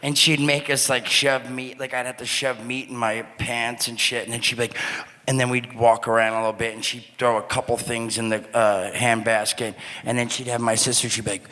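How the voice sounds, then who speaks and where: A man casually telling a long personal story, animated and profane, acting out the voices he quotes. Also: medium pitch, a little fast, in a large hall. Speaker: podcast co-host.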